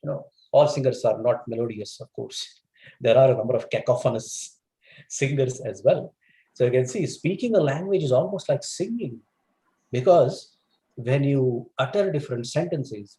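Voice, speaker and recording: A man from India giving a lecture on English, explaining at length with lots of "you know" and "for that matter", his pitch rising and falling for emphasis. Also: warm tone, roomy sound, rough recording. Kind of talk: recorded lecture.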